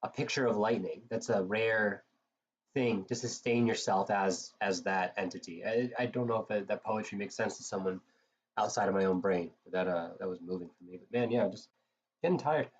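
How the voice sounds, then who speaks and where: A tired man with a cold talks on a live stream in a lowish voice, rambling and swearing freely between fillers. The sound is dull and lo-fi, with a faint hiss of noise underneath. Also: normal speed. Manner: drowsy, profane, rambling with many fillers. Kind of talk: casual rambling stream chat.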